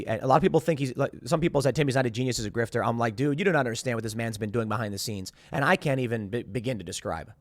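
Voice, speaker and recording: A man's voice: medium pitch, dry recording, studio quality. Rambling man hosting a commentary show. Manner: rambling, restarts, quotes others in animated asides. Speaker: show host. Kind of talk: casual commentary to camera.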